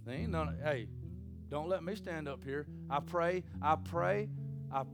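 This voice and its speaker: A man's voice: a little high, unhurried, over music. A man preaching a sermon, folksy and joking, acting out Bible scenes in little voices. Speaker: pastor.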